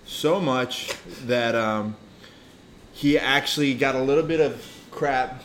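A man's voice: mid-range voice, slow pace, a bit bright, a little hiss or hum. A man co-hosting a podcast in casual chat, rambling through stories and swearing freely. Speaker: podcast co-host.

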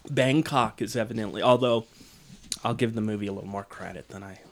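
A man's voice: lowish voice, brisk, creaky. A man co-hosting a casual podcast chat about a movie, talking in a wry, rambling way. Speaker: podcast co-host.

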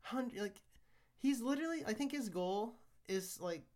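A man's voice: very high-pitched, animated, moderate pace, darkish tone. A man ranting casually on his own show, rambling and profane, with frequent restarts. He swings between weary sighs and heated outbursts. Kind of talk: casual rant monologue.

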